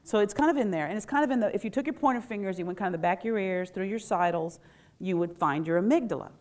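A woman presenting a workshop to a live audience, playful and animated, asking questions and pulling the room in. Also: mid-range voice, fast. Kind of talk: lively talk to a live audience.

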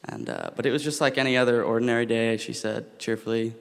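Teenage boy, live stage storytelling, casual, laughing, lots of fillers, middle pitch, long hall reverb. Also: steady tone, quick pace, gravelly. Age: teens. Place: live stage before an audience.

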